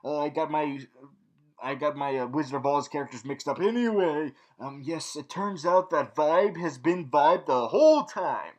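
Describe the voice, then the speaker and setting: A man's voice: a little high, animated, moderate pace. A young man in a villain persona, rambling through a casual, snarky TV recap full of fillers and restarts. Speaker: vlog host recapping a TV show.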